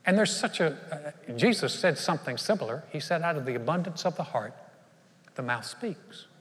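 A man's voice: a little high, lively intonation, normal speed, a bit bright. A male pastor preaching a sermon in an earnest, conversational way, speaking straight to his congregation with questions. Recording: long reverb of a large church hall.

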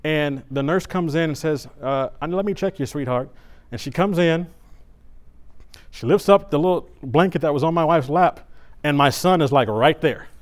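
A man's voice: on the high side, moderate pace. Middle-aged man preaching a story. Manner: conversational, animated storytelling with restarts. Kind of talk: sermon with personal story. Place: church service.

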